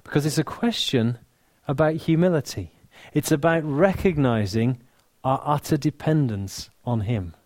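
English guy preaching, earnest, goes soft and hushed on the big lines, dry close mic. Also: fairly high pitch, moderate pace, few pauses, no room sound. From England. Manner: earnest, softening to near-whisper on key lines, dry humor. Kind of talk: sermon.

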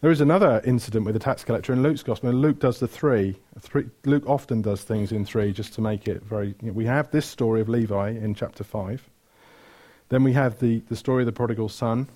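A man's voice: mid-range voice, brisk, dark tone. A man preaching a sermon, retelling stories with energy, asking the room questions and correcting himself mid-flow.

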